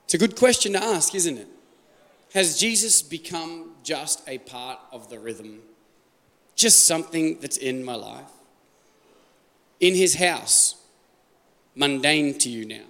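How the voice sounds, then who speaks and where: Speaking slowly with frequent pauses, an Australian-accented pastor delivers a sermon to a live congregation, joking and quizzing the room. His voice sits a little high, pushed and bright, and the church hall adds live reverb.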